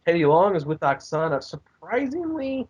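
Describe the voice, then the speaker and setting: A man's voice: fairly high pitch, big pitch swings, normal speed, darkish tone, husky. Rambling man recapping wrestling, lo-fi sound. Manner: rambling recap with goofy character voices. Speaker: podcast co-host recapping wrestling. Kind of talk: casual podcast chat.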